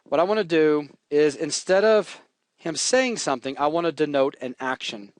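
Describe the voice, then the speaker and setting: A man teaching programming in a relaxed, jokey way while he types, walking through code on a live stream. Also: on the high side, normal speed, no room sound. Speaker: programming instructor. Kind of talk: live coding tutorial.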